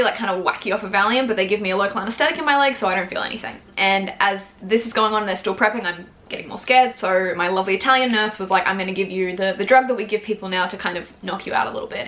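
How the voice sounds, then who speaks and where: A woman in her twenties tells a personal story straight to camera, frank and chatty, with the odd swear word. Her voice is bright and forward, and she talks at a quick clip, acting out what people said to her. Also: medium pitch. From Australia. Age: 20s. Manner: chatty, frank and swears freely, acts out her own quotes. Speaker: vlogger.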